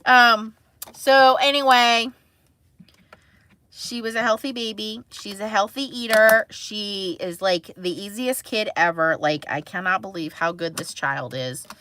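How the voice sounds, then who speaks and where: A woman's voice: mid-range voice, measured pace, bright, forceful tone. A woman casually telling a family story to her live chat, rambling and full of filler words, laughing at herself. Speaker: mother streaming to live chat.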